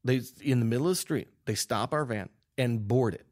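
Young guy on an interview, animated storyteller, keeps restarting and laughing, normal pitch. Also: brisk. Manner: excitable, laughing, restarts mid-sentence. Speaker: guest filmmaker.

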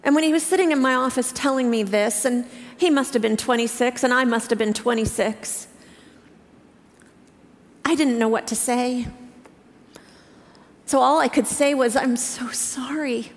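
A woman in her fifties preaching a sermon to her church, telling a personal story earnestly, with halting restarts. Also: a little high. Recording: reverberant hall.

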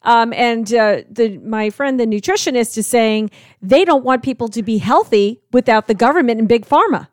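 A woman's voice: a little high, normal speed, no room sound. Attentive woman interview host, dry sound. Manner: attentive, many backchannels and fillers. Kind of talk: casual interview.

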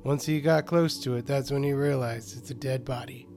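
A man's voice: medium pitch, steady tone, normal speed, darkish tone, faint music behind, close to an everyday voice. A man voicing a weary rural sheriff in his sixties, blunt and matter-of-fact, in a spoken horror story. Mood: grim.

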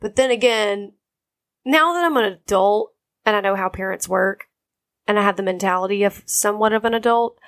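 Speaking at a normal pace in a fairly bright, mid-range voice, a young female podcast co-host keeps things casual and lively. She curses without restraint and laughs a lot as they chat.

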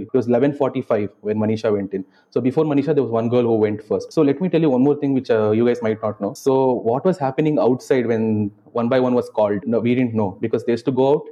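A young man with an Indian English accent, telling his story in an interview in a rushed way, full of "like" and acted-out exchanges. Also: medium pitch, mellow. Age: young adult. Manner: rushed, repeats "like", acts out officers and his own pleading. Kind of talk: personal account in an interview. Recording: dull lo-fi audio.

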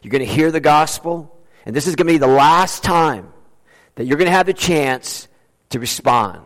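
A man's voice: a little high, animated, normal speed, a bit bright. A man preaching a sermon as pastor in an earnest, conversational way. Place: church sanctuary. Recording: long reverb of a large church.

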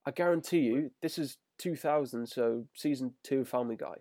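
Casting note: male co-host, mellow tone, dry close mic, exasperated review chatter. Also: medium pitch, expressive, a little fast, few pauses, no echo. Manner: grumbling, exasperated critique. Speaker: podcast co-host. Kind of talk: casual episode review chat.

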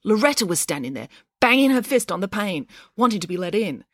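A woman author narrating a storybook chapter in a calm, expressive reading. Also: medium pitch, brisk, no room sound, studio quality.

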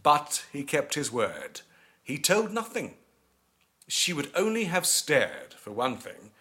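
A man narrating an eerie story as an audiobook, with measured and expressive storytelling. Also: a little high.

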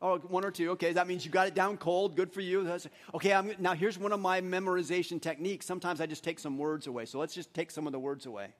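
A pastor with a high voice preaches a conversational sermon in a church. He talks easily with the congregation and coaches them as they recite together. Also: fairly even intonation, fast, few pauses. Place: church sanctuary.

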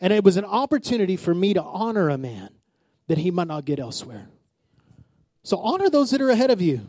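A male pastor around his forties, with a voice that sits high for a man, preaches a sermon fairly quickly. He tells lively stories, voicing the people in his anecdotes and calling for the congregation to answer back, in dry sound with almost no room echo.

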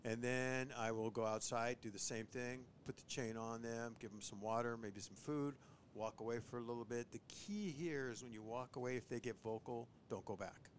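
Animated man talking dog training. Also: moderate pace, slight background noise. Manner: animated, mimics owners and dogs in a high voice. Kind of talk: casual podcast chat.

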